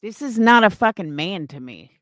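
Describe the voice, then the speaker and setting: Woman ranting angrily with lively pitch. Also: moderate pace, no echo, studio quality. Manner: angry, profane, scornful ranting. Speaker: streamer. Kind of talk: livestream reaction rant.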